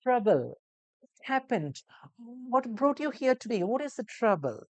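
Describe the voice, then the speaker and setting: A woman voicing a gentle, reassuring nurse in an emergency ward, speaking in a slow sing-song way. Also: a little high, sing-song, dry recording, voice pushed up. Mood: soothing. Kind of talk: role-play demonstration.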